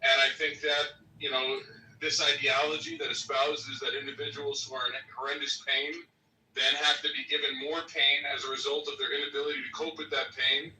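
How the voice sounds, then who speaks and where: Calm, measured man in a roomy chat. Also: mid-range voice. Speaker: debate participant. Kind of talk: online voice-chat discussion. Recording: roomy, distant mic, faint noise.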